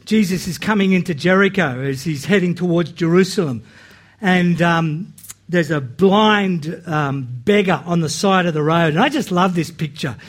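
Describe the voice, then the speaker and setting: A man with a high voice preaches a sermon at a moderate pace, sounding earnest. He often repeats words as he begins phrases, and he acts out the Bible quotes he reads, his voice rising and dropping.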